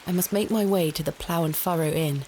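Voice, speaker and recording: A woman's voice: low voice, brisk, slight background noise, natural voice. An actress voicing a reserved, determined young woman archaeologist who speaks formally and politely. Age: young adult. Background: loud game music and rain.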